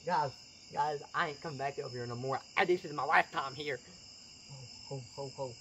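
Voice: medium pitch, a little fast, background noise. A ghost-hunting vlogger talks nervously to viewers, repeating phrases over and over, filmed outdoors at night on a camera set on a tripod. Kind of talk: casual vlog narration.

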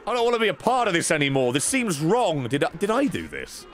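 A man's voice: fairly high pitch, very animated, fast. Sweary man commentating a game. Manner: sweary, sarcastic, swings between mutters and shouts. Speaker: game streamer. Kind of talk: comedic gameplay commentary. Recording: game music behind voice.

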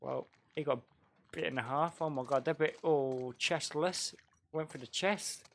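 A man talks his way through a video game stream in a loose, chatty manner. His voice sits a bit high for a man, and he laughs easily and reacts loudly to surprises. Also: moderate pace, gravelly, a little hiss or hum. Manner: excitable, chatty, laughs often, mild slang. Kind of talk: casual game-stream commentary.

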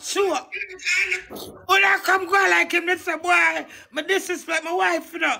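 A woman's voice: extremely high pitch, level tone, a little slow, gravelly, pushed and bright, raised voice. A Jamaican woman, tearful and distraught, talking in agitated patois and swearing heavily as an interview guest. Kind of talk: emotional interview talk.

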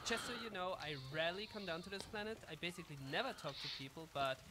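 An actor voicing a supreme watermelon being who talks in a casual, offhand, slightly awkward way. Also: male voice, high-pitched, expressive, fast, background noise. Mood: laid-back. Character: laid-back supreme watermelon being, male.

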